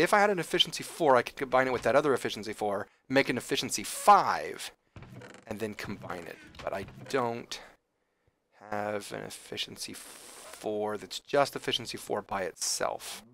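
An excitable man gives casual commentary over his gameplay at a desk microphone. He talks in a chatty, easygoing way and keeps bursting into exclamations. His voice sits at an ordinary middle pitch for a man. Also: moderate pace, slight background noise. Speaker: gaming channel host.

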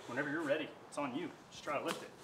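A man's voice: a little high, very fast. A man coaching a lifter in a gym, counting reps aloud and swearing to push him on. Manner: loud counting and swearing encouragement. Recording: echoey gym with faint noise.

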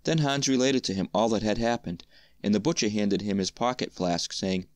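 A man reading a fairy tale aloud as storyteller, in a measured, even manner. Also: on the low side, no echo.

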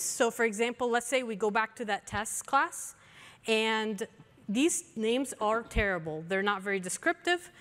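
A woman's voice: a little high, a bit bright. A woman giving an eager, enthusiastic demo on a conference stage. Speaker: presenter. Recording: long hall reverb.

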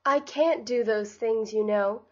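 A woman's voice: on the high side, unhurried, a little mellow, lo-fi sound. A woman reading as a languid, bored rich young woman. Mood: weary. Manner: languid, weary.

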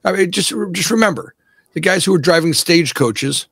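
A man with a gravelly, creaky voice speaks as a podcast guest, pressing his points with emphasis. He keeps asking "right?" as he talks. The sound is dry and close. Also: a little high, brisk, fairly bright tone, no echo. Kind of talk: casual podcast interview.

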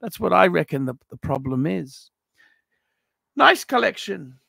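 A man's voice: high-pitched, sing-song, unhurried, creaky, bright, forceful tone, breathy edge, no room sound, studio quality. A middle-aged man giving a blunt, profane, ranting review of a viewer's watch collection. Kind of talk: unscripted paid review monologue.

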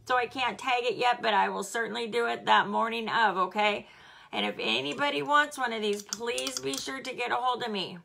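A chatty, bubbly woman giving a live product demo, slightly hoarse from hollering and laughing often. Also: on the high side, normal speed, sharp tone. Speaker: home fragrance seller.

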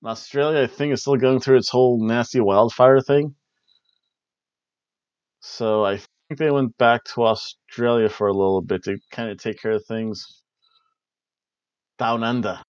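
A man's voice: mid-range voice, steady tone, measured pace, long pauses, clear, resonant tone, no room sound. A man recapping wrestling in a casual, rambling way, cracking jokes and tossing in goofy voices as he goes. His voice sits in an ordinary middle range. The recording is dry and slightly muffled, like a basic home setup. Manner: rambling, jokey, breaks into silly voices. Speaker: podcast host reviewing wrestling.

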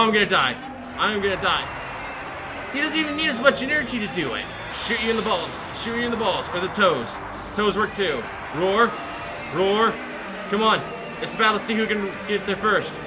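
An excitable man narrates a video game run in a high, animated voice with wide swings in pitch. He shouts and chants goofy repeated phrases as he plays. Loud game music runs underneath him. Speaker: gaming video host. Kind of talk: let's play commentary.

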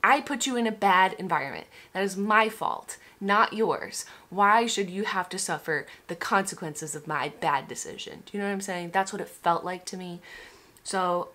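A woman's voice: medium pitch, expressive, moderate pace, bright, forceful tone. A young woman talking candidly in a casual vlog monologue, emotional and swearing freely, with frequent restarts. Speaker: vlogger.

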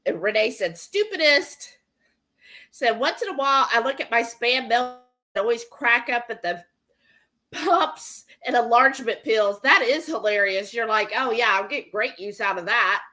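A woman's voice: on the high side, normal speed, pushed and bright. A woman hosting a live cooking stream from her home kitchen, chatting casually and rambling as she reads viewer comments aloud. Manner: chatty and rambling, with many fillers. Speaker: livestream cooking host.

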